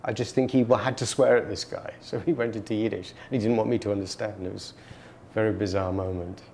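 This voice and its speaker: A man with a low, gravelly voice recalls his childhood in an oral history interview. His tone is mellow and dark, and he tells the story reflectively, stopping to correct himself. A faint hum of room noise sits behind him. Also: steady tone, fast talker.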